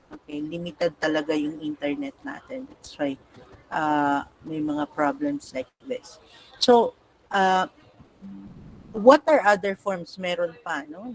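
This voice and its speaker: A woman's voice: on the low side, slight background noise, low-quality recording. A woman teacher with a Filipino accent, giving an online class lecture step by step and often checking in with her students. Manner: explains step by step, often adds a questioning "no?" to check students follow. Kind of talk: online class lecture mixing English and Tagalog.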